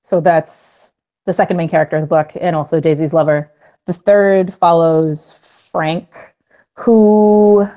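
Brief: female comic writer guest, gushing and chatty, lowish mellow voice, muffled lo-fi podcast audio. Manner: gushing, bubbly, lots of fillers and laughs. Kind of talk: casual podcast interview.

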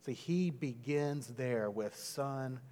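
Guy preaching a sermon, chatty, goes quiet then loud, mid pitch, long echoey hall. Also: measured pace. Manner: conversational, swings from hushed to loud. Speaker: pastor.

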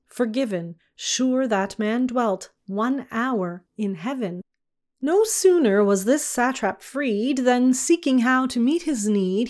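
A woman reading a narrative poem aloud in measured archaic verse. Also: on the high side, darkish tone. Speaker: reader.

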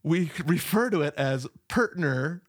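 A man's voice: fairly high pitch, animated, measured pace, slightly rough. A man co-hosting a podcast in casual chat, chatty and jokey, explaining his theories at length. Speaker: podcast co-host.

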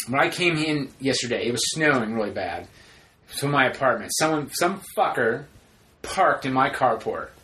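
A man co-hosting a casual podcast, telling stories in an animated, profane way. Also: mid-range voice, moderate pace. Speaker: podcast co-host. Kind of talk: casual chat.

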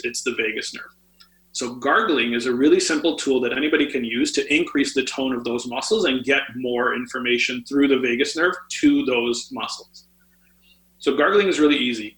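A man with a bright, forceful voice speaks as a podcast guest, explaining health practices step by step with plenty of "um"s and "uh"s. His voice rings a little in a roomy space. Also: medium pitch. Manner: explanatory, with many fillers. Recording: roomy echo.

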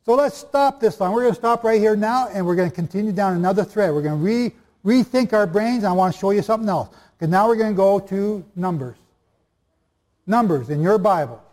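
A man's voice: high voice, animated, brisk, a little mellow. A man preaching and teaching the Bible to a live audience, chatty and jokey, often quizzing the listeners. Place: hall before a live audience. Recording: long reverb of a large hall.

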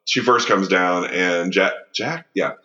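A man's voice: low-pitched, takes it slowly, bright, forceful tone. A man co-hosting a casual film podcast, enthusiastic and laughing often. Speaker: podcast co-host. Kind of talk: casual film discussion chat. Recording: dull lo-fi sound.

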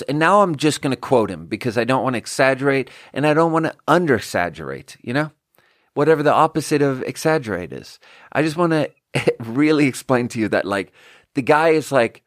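A man casually telling a long anecdote as a podcast host, rambling and swearing freely. He talks at a medium pitch and laughs at his own story along the way. The recording is dry and close, with no room sound. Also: dry recording. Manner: rambling, profane, self-amused.

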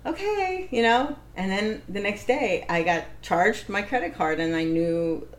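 A woman being interviewed, telling a personal story in a casual, animated way, laughing often and acting out what others said. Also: mid-range voice, measured pace. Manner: animated, laughs often, acts out quoted voices. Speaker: interview guest.

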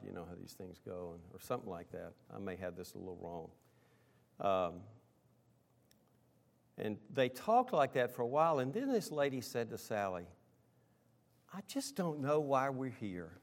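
A middle-aged man preaching a sermon, earnest, rising on key lines and dropping low for quiet asides. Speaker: pastor.

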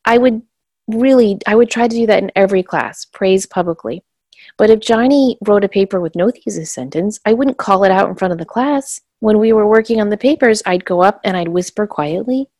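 A woman's voice: medium pitch, fairly quick, a little mellow, no room sound, clean studio sound. A woman who used to teach, co-hosting a casual chat and telling stories with emphatic energy. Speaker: podcast co-host, former teacher.

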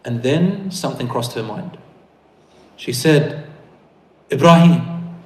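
A man preaching a sermon to brothers and sisters, telling a story with animated, rising emphasis. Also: medium pitch, slow pace. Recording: echoey room.

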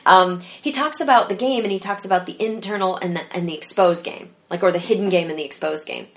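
Female improviser guest, slightly low register, energetic and rambling. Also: fast talker. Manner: animated, rambling, lots of fillers. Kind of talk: casual interview chat.

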